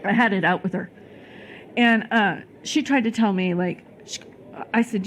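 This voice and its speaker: A woman's voice: mid-range voice, moderate pace, slight background noise, poor audio. A middle-aged woman vlogging about her past job, talking in an emphatic, heated way with many fillers and restarts. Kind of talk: casual personal storytelling.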